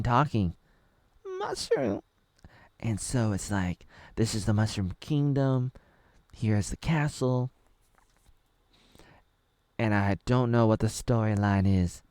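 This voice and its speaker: A man in his thirties from Oregon muses his way through a casual reaction video, circling back and restarting as he thinks aloud. His voice sits fairly low and sounds close and dry. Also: a little mellow, dry recording. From Oregon, USA. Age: 30s. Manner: rambling, thinking aloud with many fillers and restarts. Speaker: video creator reacting to a trailer.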